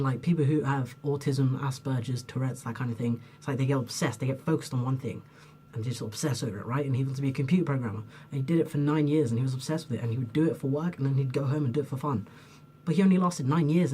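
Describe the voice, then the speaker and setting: A man's voice: medium pitch, warm tone, a little hiss or hum. A young man ranting to camera in a rambling, heated way, swearing often and filling his talk with "like". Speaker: vlogger. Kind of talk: unscripted rant to camera.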